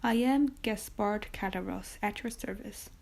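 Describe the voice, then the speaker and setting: A woman's voice: medium pitch, measured pace, gravelly, a little mellow, slight background noise. A woman reading a fawning, eager innkeeper man. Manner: obsequious, eager to please. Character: anxious fawning male innkeeper, middle-aged.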